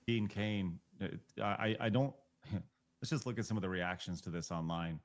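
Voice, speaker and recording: A man's voice: lowish voice, moderate pace. A male live stream host giving blunt, profane, heated reaction commentary.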